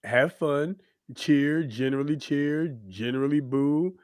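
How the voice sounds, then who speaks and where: A man's voice: fairly high pitch, unhurried, darkish tone, clear, resonant tone, dry recording. A young adult man hosting a casual podcast, talking loosely and joking, with mock-scolding asides. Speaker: podcast host. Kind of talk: casual chat.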